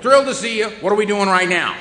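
A man voicing an excitable female pet dog, shouting with breathless glee. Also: sits high, quick pace, noisy background, pitched above the performer's own voice. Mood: thrilled. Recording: echoey hall with long reverb.

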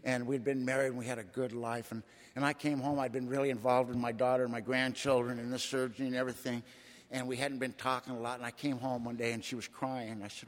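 An older man shares his own story in a folksy, colloquial way, and his voice rises when he gets emotional. His voice sits at a medium pitch, and the talk rings in a large hall with a long echo. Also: level tone, fast talker. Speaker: recovery meeting speaker. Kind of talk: personal testimony talk. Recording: echoey hall.

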